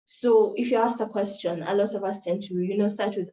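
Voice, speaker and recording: A woman's voice: medium pitch, steady tone, brisk, hardly any pauses, mellow, a little hiss or hum. A young woman from Kenya giving a workshop talk on moot court, earnest and instructive, stressing key points by repeating them. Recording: roomy, dull lo-fi sound.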